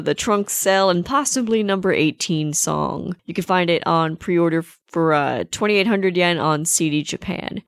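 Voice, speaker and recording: A woman's voice: on the low side, clean tone, no room sound, studio quality. A woman co-hosting a casual fan podcast, light and playful. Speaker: podcast co-host.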